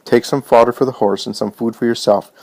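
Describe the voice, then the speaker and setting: A man reading as hushed urgent mistress Martha. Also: medium pitch, steady tone, fairly quick, vocal fry. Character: Martha, anxious determined mistress of house.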